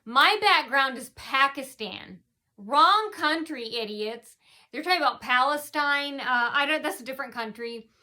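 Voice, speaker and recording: A woman vlogger telling a long rambling personal account, halting, with many fillers and restarts, her sentences often trailing off quietly. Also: high voice, animated.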